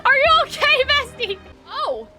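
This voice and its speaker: A young woman streaming a video game, reacting excitably, swearing, calling people bestie and shrieking when things go wrong. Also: very high voice, unhurried. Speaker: gaming streamer. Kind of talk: let's play commentary. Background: loud game music.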